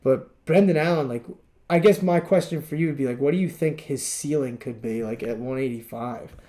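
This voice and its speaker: A man's voice: medium pitch, fairly quick, warm tone. A man co-hosting a podcast, rambling casually and laughing often as he retells stories. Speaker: podcast co-host. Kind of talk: casual chat.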